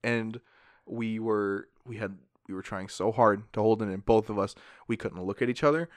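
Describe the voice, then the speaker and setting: A young man hosting a podcast, telling high school stories in a casual chat and acting out the voices of the people in them. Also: normal speed, no room sound. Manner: animated storytelling, acts out voices. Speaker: podcast host.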